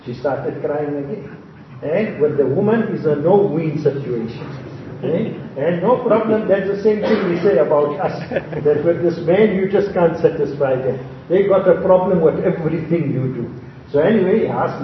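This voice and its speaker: A man's voice: fairly high pitch, normal speed, noisy background. Man preaching in an echoey hall. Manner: storytelling with humorous asides. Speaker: Islamic preacher. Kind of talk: sermon to a congregation. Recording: echoey hall, distant dull mic.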